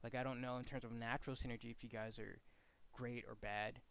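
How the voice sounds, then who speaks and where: A man's voice: mid-range voice, flat delivery, fairly quick, vocal fry, fairly bright tone, clean tone. A man giving frank, casual feedback to two commentators as their coach, walking them through examples. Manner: frank, blunt, demonstrates commentary inflection.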